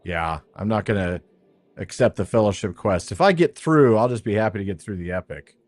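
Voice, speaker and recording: A man's voice: fairly low pitch, a little fast, no room sound. A man hosting a game stream, chatting casually and thinking aloud as he plays. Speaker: streamer and podcast host. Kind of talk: casual gameplay commentary.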